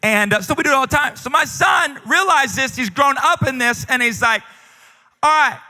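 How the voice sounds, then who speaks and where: A male pastor with a high, bright voice delivers an animated, joking sermon. His words ring out with the long reverb of a large church auditorium. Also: a little fast. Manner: animated, humorous storytelling.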